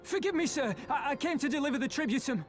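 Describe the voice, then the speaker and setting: A frightened young villager from a video game, stammering and pleading. His voice rides very high over a clear musical score. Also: expressive, quick pace, faint music behind.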